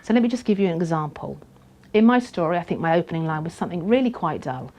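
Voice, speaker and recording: A woman teaching how to write a short personal story, emphatic and lively, now and then dropping to a soft, breathy aside. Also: lowish voice, fast. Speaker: storytelling tutor. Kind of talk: instructional talk to camera.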